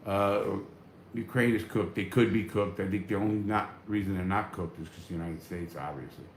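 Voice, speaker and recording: A man's voice: deep voice, normal speed, reverberant, a little hiss or hum. A man hosting a casual live stream, reading viewer comments and answering in a blunt, profane, fired-up way.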